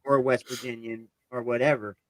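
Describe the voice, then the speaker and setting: Halting American man, very dry sound. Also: mid-range voice, flat delivery, no echo. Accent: Californian American. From United States. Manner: hesitant, halting with many fillers. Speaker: guest. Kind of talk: casual video-call chat.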